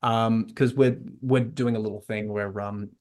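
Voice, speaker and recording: A man's voice: fairly low pitch, steady tone, unhurried, darkish tone. A man hosting a podcast in casual chat, rambling, with many restarts. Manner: rambling, lots of restarts, reads scripts aloud. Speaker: podcast host.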